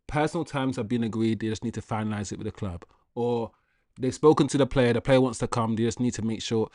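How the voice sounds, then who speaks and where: Reading viewer comments aloud, a man hosting a football livestream chats casually, animated and slangy, laughing and rambling as he goes. He speaks quickly in a medium pitch, with clean studio sound and no room sound.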